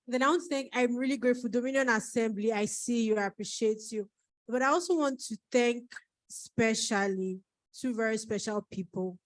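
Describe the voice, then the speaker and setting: Nigerian woman thanking everyone at her book launch, kinda teary, higher voice, dry close sound. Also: moderate pace, no room sound, rough recording. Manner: tearful, holding back crying. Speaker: author giving thanks. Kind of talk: emotional thank-you speech.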